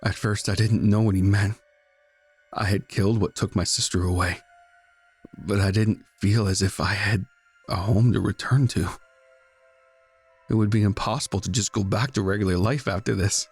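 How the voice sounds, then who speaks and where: A man narrating a first-person horror story in a measured, tense, brooding way. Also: on the low side, steady tone, darkish tone, slightly rough, faint music behind. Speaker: guest narrator.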